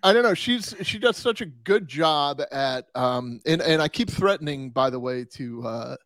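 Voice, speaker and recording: A male podcast co-host chats casually, rambling, restarting sentences and laughing easily. His voice is fairly high and fairly bright with lively intonation and a normal pace, recorded dry with clean studio sound.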